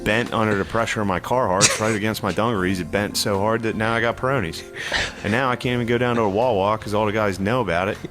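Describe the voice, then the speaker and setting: Male comic as rambling deadpan Philly guy, comedy ad spot, low voice over music. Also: fast talker, lightly acted. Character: Philly guy telling a bent-dick ad testimonial. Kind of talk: comedy ad sketch played from a podcast. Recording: played back with music behind.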